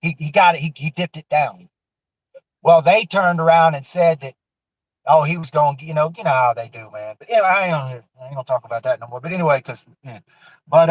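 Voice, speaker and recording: A man's voice: on the high side, no echo, rough recording. Man, storytelling guest, loose and profane, lots of restarts, dry close sound. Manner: rambling, profane, many fillers and restarts. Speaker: guest telling a personal story. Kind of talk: casual storytelling on a livestream.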